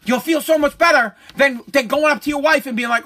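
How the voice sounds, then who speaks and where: Speaking briskly in a very high voice, a man delivers an angry rant against his subject. He is fired up, profane and tense, with a forceful edge, and keeps circling back to the same points.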